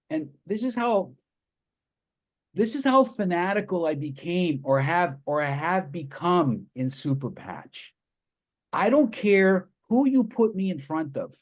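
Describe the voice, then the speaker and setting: A man talks to an audience in an enthusiastic, storytelling way. His voice sits a little higher than most men's. He runs through his points with eager energy. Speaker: presenter. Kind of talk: live presentation to an audience.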